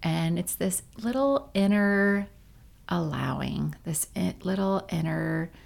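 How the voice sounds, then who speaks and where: A woman with a low, gravelly voice leads a guided meditation. She talks slowly and gently, unhurried, dropping in casual fillers now and then. Her tone stays calm and easygoing.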